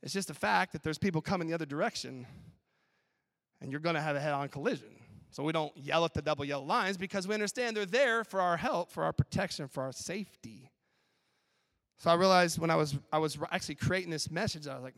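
Guy preaching in a big echoey hall, kinda high voice, lively and joking. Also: fast, creaky. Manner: animated, playful, acts out skits with laughs. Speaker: professor and chapel speaker. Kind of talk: sermon. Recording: long hall reverb.

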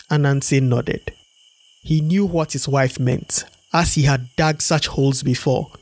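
A man narrating a folktale in a steady storybook read-aloud. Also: mid-range voice, measured pace, dry recording.

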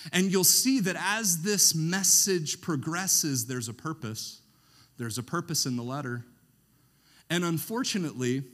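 A man preaching with a high and bright voice. He often leaves a sentence open for the congregation to complete, then moves on. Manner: asks the congregation to finish his sentences. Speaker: pastor. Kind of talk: sermon.

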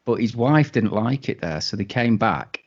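A man co-hosting a casual podcast chat, chatty, adding quick asides and laughing easily. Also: lowish voice, lively intonation, husky, muffled recording. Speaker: podcast co-host.

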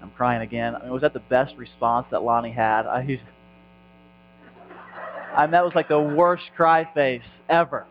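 An Indiana pastor speaks as a guest at a church service, giving a casual sermon at medium pitch and normal speed with a steady tone. He pauses often, says "um" a lot, and uses self-mocking humor. The recording is dull, with a faint mains hum.

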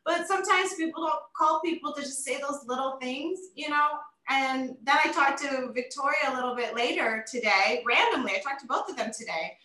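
Forties woman interview guest, animated and emotional, high and bright; echoey room. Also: fairly quick, hardly any pauses. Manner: animated, emotional storytelling with many fillers. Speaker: interview guest, retired wrestler. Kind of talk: casual interview chat.

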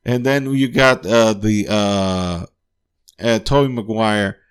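Here the podcast host's voice is on the low side, slow and clean in tone. He reviews a film in a loose, profane way, full of fillers and restarts. Enthusiastic and quick to laugh, he keeps it a casual spoken review.

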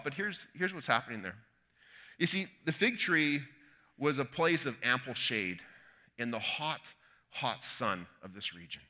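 Bright-voiced Canadian man preaching casually. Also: fairly high pitch. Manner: conversational storytelling with quoted voices; folksy asides. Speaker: pastor. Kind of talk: sermon.

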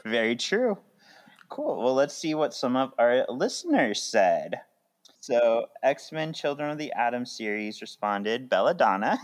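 A man's voice: medium pitch, big pitch swings, unhurried. A man co-hosting a podcast in casual chat, upbeat and laughing often. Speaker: podcast co-host.

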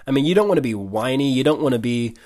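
A man's voice: medium pitch, expressive, quick pace, darkish tone. Earnest conversational male preacher. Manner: earnest, conversational, with frequent restarts and brief laughs. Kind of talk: sermon.

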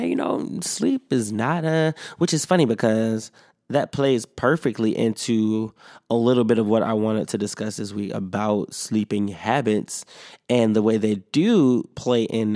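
Here a podcast host with a mid-range, darkish voice talks alone into a clean, echo-free studio mic. Sleepy, yawning, and a little under the weather, he rambles casually, swearing a lot and constantly restarting amid fillers.

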